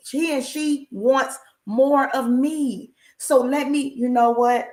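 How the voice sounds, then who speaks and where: A woman's voice: on the high side, fairly bright tone, echoey room. A woman giving an encouraging faith talk on a livestream, emphatic and repetitive, with a preacher-like cadence and folksy asides. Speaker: inspirational speaker.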